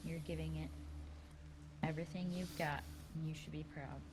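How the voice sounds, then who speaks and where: A woman's voice: sits low, steady tone, moderate pace. A woman playing a tabletop game, speaking in an encouraging, curious way. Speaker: player. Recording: noisy background.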